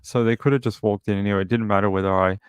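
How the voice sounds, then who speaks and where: A man's voice: on the low side, fairly even intonation, very fast, smooth, dry recording. A man hosting a true crime livestream, rambling casually and thinking aloud.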